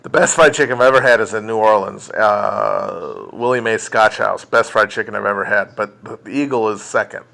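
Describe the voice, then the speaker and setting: A man's voice: on the low side, normal speed, vocal fry, hardly any pauses, pushed and bright. A man hosting a casual livestream chat, answering viewer questions in a blunt, profane, joking way. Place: indoors at home, streaming. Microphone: phone livestream.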